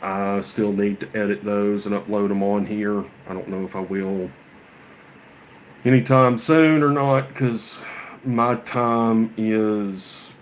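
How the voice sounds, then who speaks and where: A man who runs a gunsmith shop, chatting in a relaxed, folksy, rambling way on a casual livestream. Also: fairly low pitch, a little hiss or hum, rough recording.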